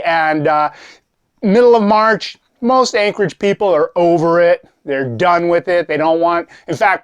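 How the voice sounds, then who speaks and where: A man's voice: high-pitched, clean tone. A man from Alaska doing stand-up comedy in a dry, conversational way. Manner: dry, conversational delivery, acted-out voices.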